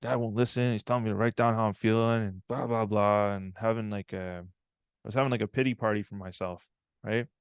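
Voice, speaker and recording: A man's voice: on the low side, fairly even intonation, a little fast, smooth, no room sound, clean studio sound. A man giving a live online talk, telling a personal story in an earnest, reflective way and often checking in with "right?".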